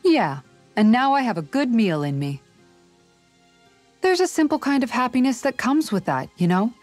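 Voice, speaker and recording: An actress voicing a calm, caring young woman and older sister who speaks thoughtfully, in a video game. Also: a little high, normal speed, soft background music. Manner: gentle, thoughtful, soft-spoken.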